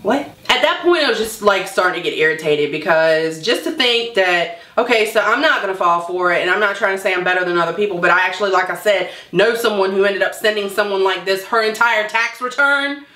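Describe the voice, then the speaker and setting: A woman tells a personal story straight to camera in a candid, chatty way, with a wry edge. Her voice sits at a middle pitch. The room adds a clear echo behind her. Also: brisk, hardly any pauses, sharp tone. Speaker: vlogger.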